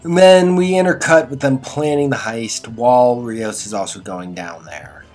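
A man talks through a TV episode in a loose, rambling review, pitched at an ordinary middle height for a man. He drops dry, sarcastic jabs between plot points. Faint music sits quietly behind his voice. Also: expressive, moderate pace. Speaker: show reviewer. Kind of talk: casual spoken review.

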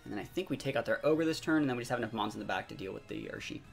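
A young man chatting excitedly as he commentates his own competitive game match, full of fillers. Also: mid-range voice, racing, creaky. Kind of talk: live gameplay commentary. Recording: faint background music.

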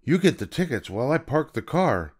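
An older man voicing a friendly grown man with a yellow hat who talks in a brisk, upbeat way. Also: a little high, sing-song, breathy edge, voice pushed up.

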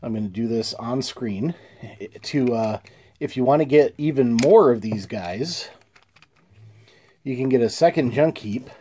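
A man's voice: mid-range voice, a little slow, pauses often, mellow, husky. A man casually reviewing toys, easygoing with many fillers and small chuckles, a little congested. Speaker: toy reviewer.

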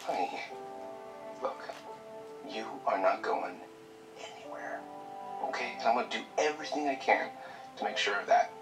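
An actor playing a struggling father who reassures his daughter warmly and jokes with her, in a web drama over background music. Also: mid-range voice, moderate pace, long pauses, natural voice, low-quality recording. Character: caring, broke young father, gentle and jokey. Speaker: struggling single dad.

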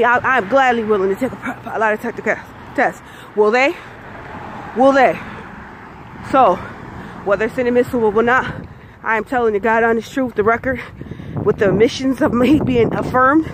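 A woman's voice: fairly high pitch, noisy background. A woman in her forties from the United States, telling her custody story straight to camera in an emphatic, profane, aggrieved way. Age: 40s. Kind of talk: direct-to-camera personal testimony.

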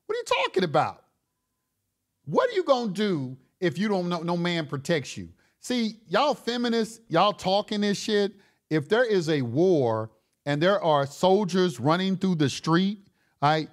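High-voiced guy ranting on his show, cussing, confrontational, keeps repeating himself. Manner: heated, profane, confrontational; repeats words and restarts when worked up. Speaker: host. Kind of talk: ranting monologue on an online talk show.

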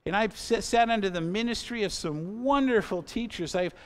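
A man's voice: high-pitched, moderate pace. A man in his fifties preaching a sermon as pastor in a church, earnest and conversational, with asides to the congregation. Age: 50s. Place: church sanctuary.

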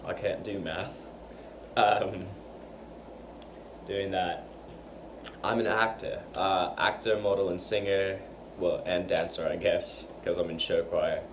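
Teen boy, unscripted vlog, low and unhurried, fumbling with fillers, audible background noise. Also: fairly even intonation. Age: teens. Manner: hesitant, many fillers and restarts. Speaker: fan channel member. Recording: noisy home recording.

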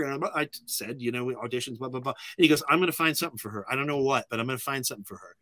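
Animated bright-voiced storyteller man. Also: medium pitch, racing, few pauses, no room sound. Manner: acts out other people's lines in lively voices. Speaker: filmmaker guest.

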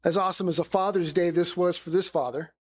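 Male Bible teacher, high voice, conversational sermon style. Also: steady tone, fast. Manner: conversational, acts out quoted voices.

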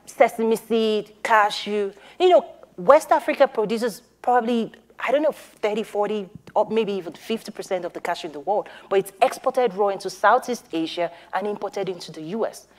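Earnest woman leading a panel. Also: mid-range voice. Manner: earnest, persuasive, thinks aloud with restarts; uses everyday analogies. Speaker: summit organizer and panel moderator. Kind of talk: panel discussion.

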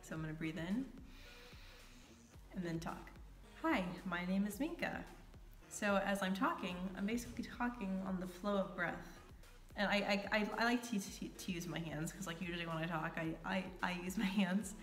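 A woman's voice: lowish voice, normal speed, a bit bright, soft background music. A woman vlogger talking casually to camera, stuttering often and repeating sounds and words. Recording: echoey room.

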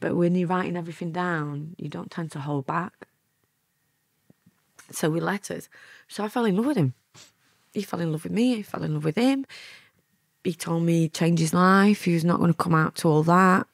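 A woman's voice: on the low side, moderate pace, creaky, pauses often, no echo. Lancashire woman in her fifties, interview guest, chatty storyteller who laughs and acts out what people said, dry close mic. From England.

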